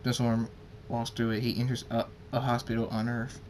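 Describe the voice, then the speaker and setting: A man's voice: mid-range voice, completely flat delivery, fairly quick, darkish tone, slight background noise. A man reading a fan story aloud in a plain, amateur way, with small slips and restarts. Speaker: fan fiction reader.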